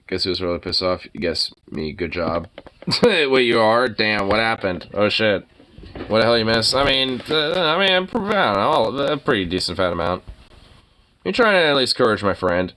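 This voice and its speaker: Brief: low-pitched male streamer, casual chat, excitable and profane, laughs a lot. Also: moderate pace, pauses often. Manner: excitable, swearing, often laughing. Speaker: livestream host.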